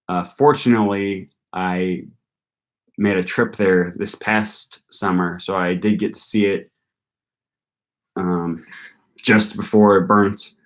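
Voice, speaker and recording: A young man hosting a live-stream Q&A, chatting casually and thinking aloud with frequent ums. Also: fairly low pitch. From North Carolina. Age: young adult. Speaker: channel host answering viewer questions.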